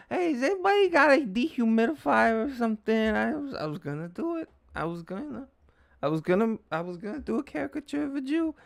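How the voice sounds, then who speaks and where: A man's voice: very high voice, gravelly, voice pushed up, exaggerated voice. A man voicing a nervous, sweaty nerdy character who hesitates, repeats himself and trails off.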